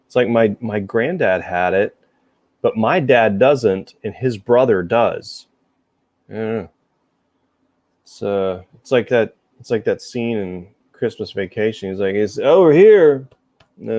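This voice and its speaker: Male podcast host, low-pitched, faint Southern lilt, dry recording, loose and chatty. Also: slow, long pauses, a little mellow, no echo. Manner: chatty, rambling, self-deprecating. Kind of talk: casual chat.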